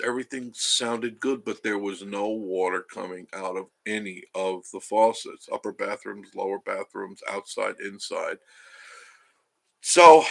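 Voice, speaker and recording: A man's voice: fairly low pitch, creaky, a bit bright. A man hosting a live stream from home, rambling through a story and reading out chat comments. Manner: rambling, chatty, self-interrupting.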